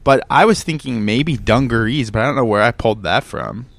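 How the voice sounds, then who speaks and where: A man chatting on a podcast in a wry, rambling way, full of jokey asides. His voice is gravelly and swings lively up and down in pitch. The sound is dry and close. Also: a little fast, dry recording. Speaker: podcast co-host. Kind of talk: casual chat.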